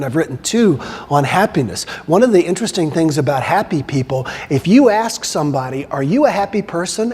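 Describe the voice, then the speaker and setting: A man's voice: on the high side, darkish tone, husky. A man giving a keynote talk, telling a story and acting out the quoted voices. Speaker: motivational speaker. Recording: long hall reverb.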